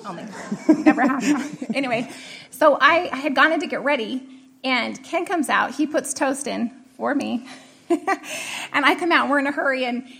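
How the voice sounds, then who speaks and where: A middle-aged woman tells a personal story in a relaxed, chatty way. Her voice sits high and is husky, with a gravelly edge. She laughs often and acts out the voices of the people in the story. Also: moderate pace. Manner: laughing often, animated retelling of dialogue. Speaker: guest telling a personal story. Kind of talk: casual storytelling.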